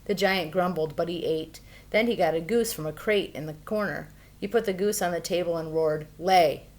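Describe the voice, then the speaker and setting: A woman reading a fairy tale aloud for children, expressive and playful. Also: fairly low pitch, a little fast, slight background noise. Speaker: storyteller. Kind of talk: children's storybook read-aloud.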